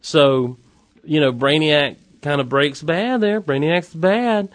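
A man hosting a podcast, casually recapping a TV episode with animated, wry asides. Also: on the high side, takes it slowly, no echo.

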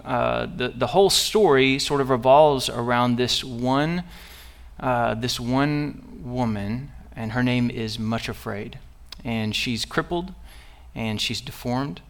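A man's voice: medium pitch, slow, vocal fry, clear, resonant tone. A young man preaching as a guest, earnest and personal, with many fillers and restarts. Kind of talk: sermon.

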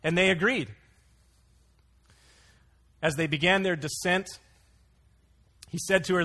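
A man's voice: high-pitched, slow, long pauses, bright, forceful tone. A man preaching an earnest expository sermon, mixing scripture with anecdotes.

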